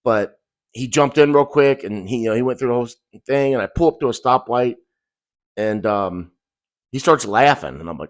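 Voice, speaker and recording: A man's voice: medium pitch, a little fast. A middle-aged man, a rideshare driver, telling his own story in agitated, profane, intense bursts. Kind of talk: emotional first-person storytelling.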